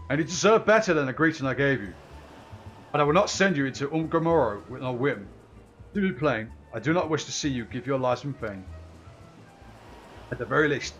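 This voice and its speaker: A man's voice: medium pitch, fairly bright tone, muffled recording, close to an everyday voice. A man reading game lines aloud, voicing a stern, weary, grizzled old pirate captain.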